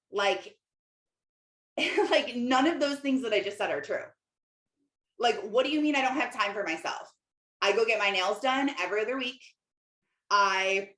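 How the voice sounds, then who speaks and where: A woman's voice: medium pitch, bright, forceful tone. A middle-aged woman hosting a podcast as a Christian life coach, talking in a chatty, rambling way with lots of fillers. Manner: chatty, rambling, many fillers and self-quotes. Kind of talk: casual confessional monologue. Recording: roomy echo.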